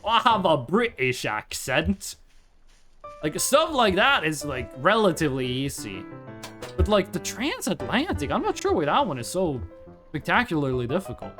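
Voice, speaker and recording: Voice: medium pitch, huge pitch swings, normal speed, fairly bright tone, faint music behind. A streamer from Norway with an American-sounding accent, rambling chattily through casual game commentary with lots of likes. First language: Norwegian.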